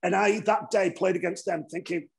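Northern English man, middle-aged, a touch high-voiced, animated storyteller, swears freely. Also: moderate pace, gravelly. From northern England. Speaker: guest, former rugby league player. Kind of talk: casual interview storytelling.

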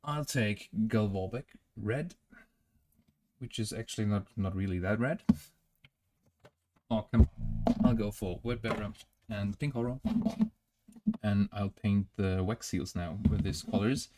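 Low-voiced German man, hesitant chat. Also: measured pace, pauses often, heavy background noise. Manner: hesitant, many filler sounds. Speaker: miniature painting streamer. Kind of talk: casual chat while painting.

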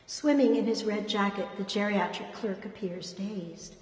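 A woman author reads her fiction aloud with expressive, dramatic delivery. The voice rings with a roomy echo and a long hall reverb. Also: medium pitch, unhurried.

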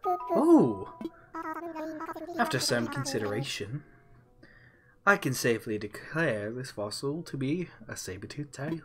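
A woman voicing a fussy, scholarly male owl who curates a museum, in a prim put-on posh manner. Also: very deep voice.

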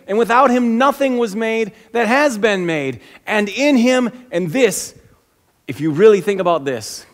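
A man, the pastor, preaching a sermon, swinging from loud emphatic passages to hushed, slow, awed lines. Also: high-pitched. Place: church sanctuary. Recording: long reverb of a church hall.

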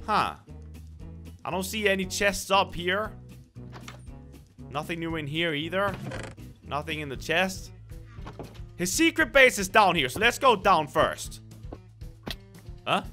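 A young man hosting a gameplay video, commentating in an excitable, dramatic way. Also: high-pitched, unhurried, pauses often, soft background music. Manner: excitable, dramatic, shrieks at scares. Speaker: gaming video host.

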